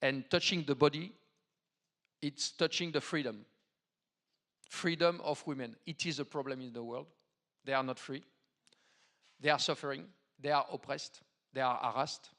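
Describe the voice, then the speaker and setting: A man with a French accent giving a formal welcome speech on stage, earnest and halting, full of fillers and restarts. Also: medium pitch, steady tone, fairly bright tone. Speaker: sports federation president. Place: large hall stage.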